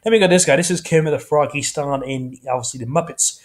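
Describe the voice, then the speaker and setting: A man's voice: fairly high pitch, fast. A man hosting his own video channel, chatting casually in a rambling way and correcting himself often. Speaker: YouTube host. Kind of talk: casual vlog chat.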